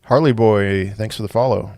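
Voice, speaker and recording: A man's voice: fairly low pitch, steady tone, moderate pace, a little mellow, no room sound, studio quality. A man hosting a crypto livestream, chatting casually, thinking aloud and answering viewer comments with frequent restarts.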